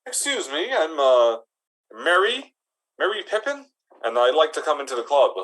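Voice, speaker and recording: A man playing a high timid hobbit. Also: sing-song, moderate pace, fairly bright tone, low-quality recording. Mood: polite. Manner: high, polite and hesitant. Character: timid small male hobbit at a club door.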